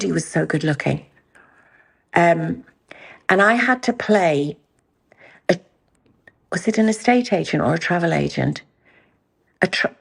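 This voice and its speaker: A middle-aged woman from Newcastle with a Geordie accent, hosting her own podcast and telling candid stories with theatrical quoted voices. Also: on the low side. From Newcastle, England. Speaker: podcast host. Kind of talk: candid storytelling chat.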